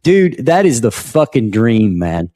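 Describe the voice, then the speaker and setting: A man's voice: medium pitch, big pitch swings, unhurried, dark tone. A man hosting a casual podcast interview, asking questions in a laid-back, blunt and profane way. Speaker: podcast host.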